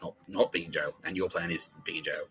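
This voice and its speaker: A man hosting a crude comedy podcast, swearing freely, laughing often and mimicking people in quick asides. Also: deep voice, steady tone, over music, low-quality recording. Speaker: podcast host.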